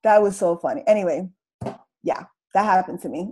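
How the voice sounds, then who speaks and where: Woman, middle-aged, comical, slangy storyteller, animated, video call. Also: medium pitch, a little fast, low-quality recording. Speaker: guest speaker sharing her story. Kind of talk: casual motivational talk on a video call.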